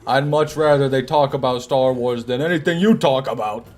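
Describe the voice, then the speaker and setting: A man's voice: medium pitch, moderate pace, darkish tone. A man streaming a game live, teasing and bantering with his chat. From United States. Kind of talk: live gameplay commentary.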